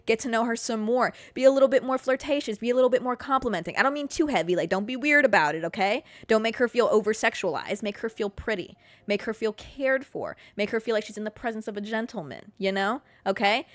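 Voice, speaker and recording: A woman's voice: medium pitch, no room sound, clean studio sound. A woman hosting a podcast, giving casual dating advice in a chatty way, with many fillers and frequent "okay?". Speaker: podcast host.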